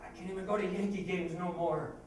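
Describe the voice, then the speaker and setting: A man's voice: high voice, flat delivery, fairly quick, darkish tone, lightly acted. An actor playing a grieving middle-aged Italian-American father, telling his story in a chatty stage monologue with nervous laughs. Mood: anguished. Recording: echoey room, distant mic, noisy.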